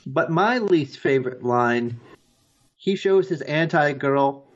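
A man co-hosting a casual fan discussion with dry, wry humor and an unhurried delivery. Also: a little high, animated, dull audio. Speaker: podcast co-host.

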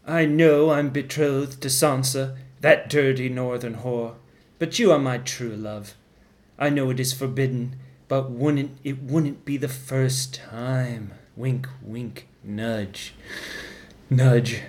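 Man doing scheming uncle, slow and low, campy parody. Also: fairly even intonation, a little mellow, close to an everyday voice.

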